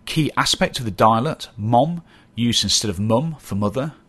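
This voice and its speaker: A man reading a scripted documentary narration, calm and measured, listing words with their meanings. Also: mid-range voice. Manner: measured, reads out word lists.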